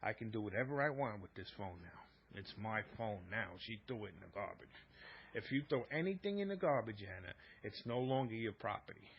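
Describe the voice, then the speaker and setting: A man's voice: on the low side, animated, a little fast, lo-fi sound, a little hiss or hum. A man hosting a live talk stream, telling a long personal story in a rambling, repetitive way and acting out both sides of arguments. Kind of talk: casual storytelling monologue.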